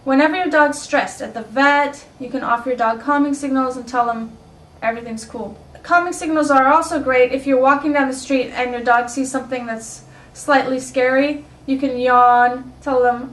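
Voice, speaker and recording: A woman's voice: sits high, normal speed, fairly bright tone. A woman dog trainer casually explaining and demonstrating yawns and sighs in a video lesson. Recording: echoey room, mic at a distance.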